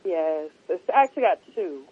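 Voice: mid-range voice, lively intonation, normal speed, crowd noise. A guest chatting playfully on a show, defending their own music taste. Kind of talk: casual chat. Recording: tinny phone-like call line.

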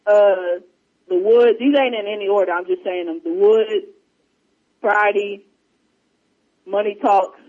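A man with a very high, husky voice chats about movies, animated and playful, often slipping into put-on voices to quote scenes. The sound is dull and lo-fi, muffled at the top end. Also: measured pace, long pauses. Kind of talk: casual chat.

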